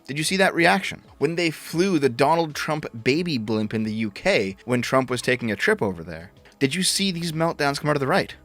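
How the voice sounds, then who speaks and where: A man's voice: fairly high pitch, fairly bright tone. A man ranting as a political commentator, sarcastic and mocking, with frequent swearing.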